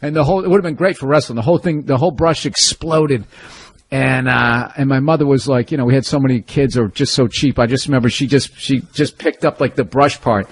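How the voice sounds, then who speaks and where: A man, a comedian telling animated, profane stories in a casual interview. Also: medium pitch, fairly quick, slight background noise. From suburbs of Boston. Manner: storytelling, animated, profane, self-deprecating. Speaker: comedian guest.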